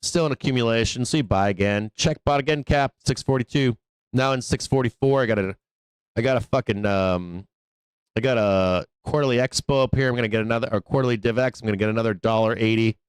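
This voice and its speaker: A man's voice: mid-range voice, fast talker, clear, resonant tone, dry recording. A man hosting a live stock trading stream, talking casually and profanely, laughing often and answering imagined viewer questions himself. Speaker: trading show host. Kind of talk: live market commentary stream.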